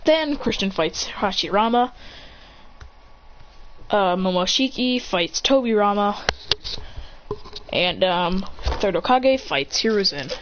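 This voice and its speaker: Woman storyteller, casual and excitable, rambles. Muffled home recording with light background hiss. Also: mid-range voice, measured pace, pauses often. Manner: rambling, excitable, with restarts and sound effects. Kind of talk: casual fan-fiction retelling.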